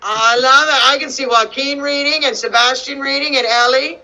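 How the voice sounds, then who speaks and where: High bright teacher lady coaxing little kids to read, lots of questions, laptop mic. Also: normal speed, poor audio. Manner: animated, coaxing, asks many questions. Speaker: kindergarten teacher. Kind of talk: online reading lesson for young children. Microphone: computer mic on video call.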